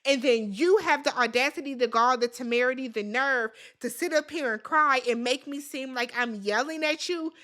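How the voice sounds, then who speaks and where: A woman with a high, bright voice recapping a reality show in a casual vlog. She talks animatedly and emphatically, gossiping and cursing freely as she tells the story. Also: moderate pace, hardly any pauses.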